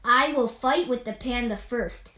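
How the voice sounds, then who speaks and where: A woman reads a fierce, bossy male tiger from a storybook, issuing commands and threats. The voice sits fairly high for a growling king. It sounds roomy and echoey. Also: a little slow, bright, forceful tone. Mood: commanding. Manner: demanding, threatening.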